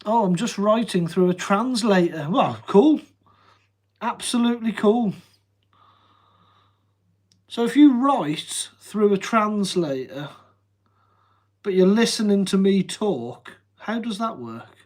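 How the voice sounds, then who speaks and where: A man's voice: high voice, expressive, takes it slowly, long pauses, a little mellow. A man with a Midlands accent from around Telford, with a slight Welsh tinge, chatting casually on a livestream and answering viewer comments in an easygoing, jokey way. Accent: Midlands English, Telford, with a slight Welsh tinge. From Telford, English Midlands. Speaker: livestream host.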